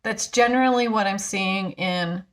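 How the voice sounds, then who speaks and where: A woman vlogger talking frankly and casually to camera, rambling and animated as she tells a personal story. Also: medium pitch, a little slow. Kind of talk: casual personal vlog talk.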